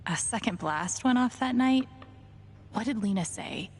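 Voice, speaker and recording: A woman's voice: medium pitch, animated, unhurried, pauses often, slight background noise. A woman streaming a game and making dry, sardonic comments. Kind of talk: casual live commentary while playing.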